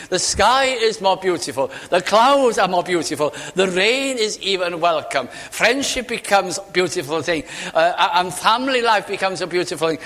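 An older man with a Welsh accent preaching a sermon with fervour, dropping from ringing declarations to hushed asides. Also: high voice. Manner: fervent, swings between loud ringing lines and hushed asides. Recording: long hall reverb.

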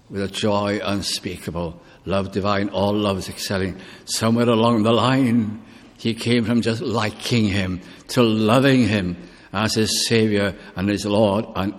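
A man preaching a sermon in an earnest, questioning manner, speaking straight to each listener. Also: fairly low pitch. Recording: long reverb of a hall.

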